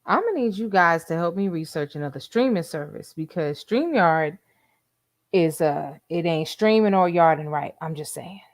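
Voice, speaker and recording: A woman's voice: lowish voice, animated, normal speed, no room sound, clean studio sound. An older woman hosting a casual livestream, chatting and gossiping with frequent laughs. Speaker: YouTube host.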